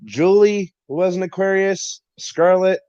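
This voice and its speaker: A man's voice: high-pitched, slow, darkish tone, smooth, dry recording. A man co-hosting a casual livestream chat, rambling and joking with lots of swearing. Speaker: co-host. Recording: dull lo-fi stream audio.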